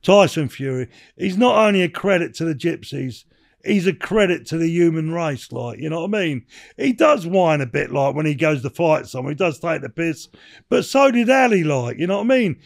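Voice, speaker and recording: An older man in his sixties talks as an interview guest with a high, gravelly voice. He rambles from story to story, swears freely and keeps adding "you know what I mean". It has the easy pace of a casual podcast chat. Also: sing-song, normal speed. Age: 60s. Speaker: podcast guest, former bare-knuckle boxer.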